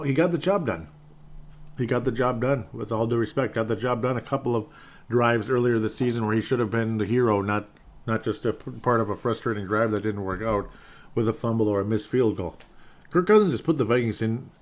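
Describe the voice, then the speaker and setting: A man hosting a solo sports podcast, reading fan messages and ranting in an animated, sarcastic way. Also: lowish voice. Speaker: podcast host.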